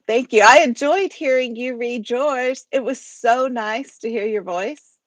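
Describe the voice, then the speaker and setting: A woman's voice: a little high, measured pace, dry recording. An American woman with a slight Southern drawl co-hosting a poetry livestream, chatty and giggly as she reads out viewer comments. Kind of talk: casual chat.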